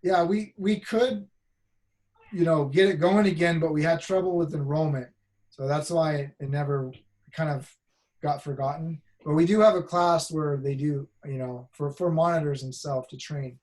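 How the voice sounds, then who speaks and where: A man's voice: on the high side, fairly even intonation, moderate pace, darkish tone. A man teaching a college class over a video call, talking casually with many restarts and fillers. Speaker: college instructor. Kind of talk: casual online class talk.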